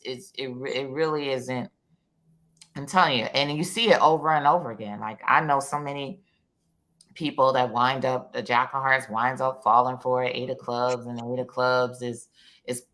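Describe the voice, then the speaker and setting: Woman, New York accent, deep voice, bright tone, rambling, casual card-reading chat. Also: fairly even intonation, normal speed. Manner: rambling, repeats words, frequent "you know". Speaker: panelist.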